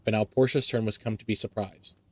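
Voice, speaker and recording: A man's voice: lowish voice, steady tone, a little fast, no room sound. A man reading a classic story aloud expressively, with occasional slips. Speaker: reader.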